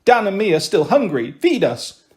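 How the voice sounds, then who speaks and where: A small, hungry little boy pleading in a mournful way, as a male reader voices him. The voice is high for a man. It belongs to a storybook reading. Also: sing-song, moderate pace.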